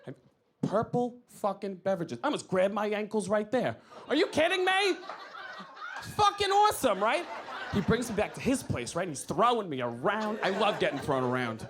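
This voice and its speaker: A man's voice: high-pitched, animated, brisk, a little hiss or hum. A man doing a stand-up set on a club stage, flamboyant and playful with the crowd. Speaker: stand-up comedian.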